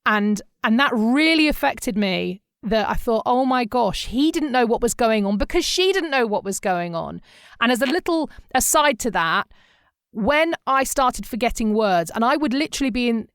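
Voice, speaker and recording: Lively middle-aged woman, dry close sound. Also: a little high, normal speed, no echo. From England. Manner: animated storytelling, acts out quoted voices. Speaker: podcast co-host. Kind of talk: casual podcast chat.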